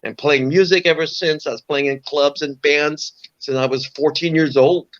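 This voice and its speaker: A man's voice: a little high, fairly even intonation, moderate pace, highs cut off. A man in his sixties from Orange County, telling musician stories as a guest in a casual, rambling way full of "you know". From Orange County, California. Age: 60s. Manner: rambling anecdotal, frequent "you know" and repeats. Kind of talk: casual storytelling interview.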